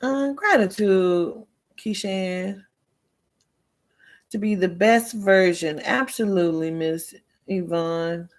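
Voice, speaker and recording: A woman's voice: medium pitch, slow. A woman hosting a livestream, lecturing viewers bluntly and emphatically with heavy swearing, and answering commenters by name. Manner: lectures sternly with repeated warnings. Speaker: livestream host. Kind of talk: live chat with viewers.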